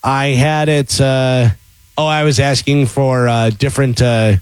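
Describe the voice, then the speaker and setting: A man's voice: mid-range voice, level tone, unhurried, clear, resonant tone, dry recording. A man hosting a casual talk show, reading news items and joking with his co-hosts. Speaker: radio show host. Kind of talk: casual morning show banter.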